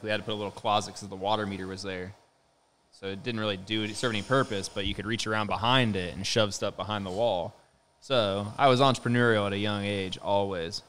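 A man's voice: lowish voice, a bit bright. A man, hosting a podcast and telling stories in casual chat, laughing often and swearing freely. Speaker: podcast host.

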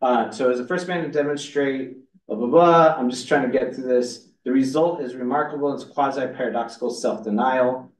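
A man lectures in a university hall, circling back on himself with frequent restarts and fillers. The room is roomy and echoing, and he sounds set back from the microphone. His voice sits at an ordinary middle pitch. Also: a little fast. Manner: rambling, self-interrupting, many restarts and fillers. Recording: roomy hall audio from far off.

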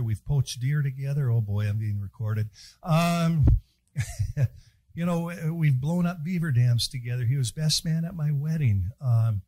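A man's voice: mid-range voice, warm tone, breathy edge, no echo. A man preaching a sermon in a chapel, folksy and joking as he tells stories.

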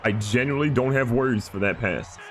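A man giving excited, joking gameplay commentary as a gaming YouTuber. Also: mid-range voice, moderate pace, faint music behind. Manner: animated, joking, trash-talking.

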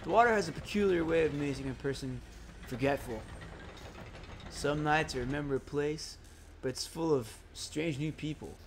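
A man voicing a wistful old male river-rat boat captain in a video game, musing slowly. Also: on the high side, slight background noise, close to an everyday voice. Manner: slow, musing, folksy storytelling.

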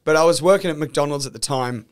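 A man's voice: on the high side, fast. A young Australian man, a comedian, telling self-mocking stories with swearing in casual podcast chat. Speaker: comedian guest.

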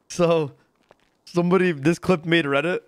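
Higher-pitched man casually reading aloud. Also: a little hiss or hum. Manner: loose, joking, reads aloud offhand. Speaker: streamer and role-play player. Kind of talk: casual stream chat.

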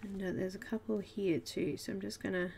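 A woman's voice: mid-range voice, level tone, fairly quick, gravelly, darkish tone, a little hiss or hum. An Australian woman hosting a live colouring tutorial, chatting and giggling with viewers as she works. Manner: chatty, giggly, talks to viewers while working. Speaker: host of a live colouring stream. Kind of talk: casual live tutorial chat.

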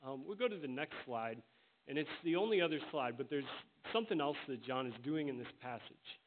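Earnest pastor preaching, tinny sound. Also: male voice, mid-range voice, lively intonation. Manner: earnest, emphatic preaching with slowed, stressed quotes. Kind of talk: sermon. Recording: tinny phone-like sound with faint hiss.

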